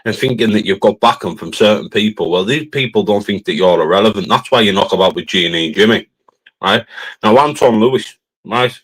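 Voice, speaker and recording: A northern English man with a Cumbrian accent hosts a heated livestream rant, his fairly low, slightly bright, slightly rough voice moving a little fast over poor audio. He's confrontational, constantly capping phrases with a challenging "right?"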